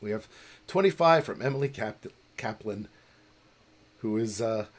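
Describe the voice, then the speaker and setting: A man co-hosting a charity podcast livestream in casual chat, rambling and halting with many restarts and easy laughs. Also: lowish voice, expressive. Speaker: podcast co-host running a charity stream.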